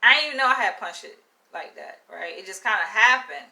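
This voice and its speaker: A woman's voice: medium pitch, brisk. A young woman vlogger telling a story to camera in casual talk, swearing constantly and filling with "yo" and "like". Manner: animated, swears constantly, says "yo" and "like".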